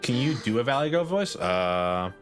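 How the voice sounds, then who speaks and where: A man chatting through a game stream, giggly and self-deprecating, rambling between lines. His voice sits in a middling pitch. Faint music runs underneath. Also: sing-song, normal speed. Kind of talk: casual game commentary.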